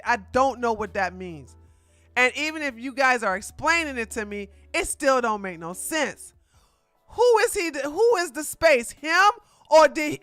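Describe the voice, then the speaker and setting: A woman's voice: high-pitched, sharp tone, no echo. A streamer, likely a woman, giving rambling, mocking reaction commentary.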